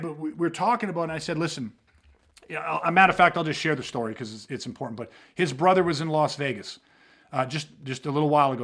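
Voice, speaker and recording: A self-defense teacher chats casually on a podcast, his somewhat high voice carrying a fairly bright tone as he rambles through anecdotes. Profanity and fillers such as "you know what I mean" come up constantly.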